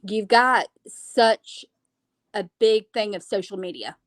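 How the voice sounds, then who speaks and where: A woman's voice: medium pitch, slow, no room sound. A woman calling in to a live show, friendly and using fillers. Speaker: caller. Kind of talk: call-in chat.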